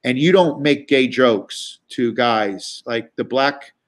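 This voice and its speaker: A man's voice: mid-range voice, slow. A man telling tour stories in a chatty, profane way with many restarts and fillers. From New York. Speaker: guest comedian. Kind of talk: casual storytelling.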